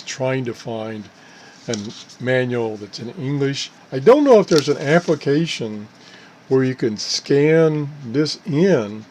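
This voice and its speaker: A man in an easygoing, unscripted gadget talk, at an ordinary middle pitch for a man. He rambles, restarts his sentences and chuckles at his own slip-ups as he goes. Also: darkish tone, slight background noise. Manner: rambling, self-correcting, chuckles at own mishaps. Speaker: channel host reviewing gadgets. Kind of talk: casual unscripted product talk.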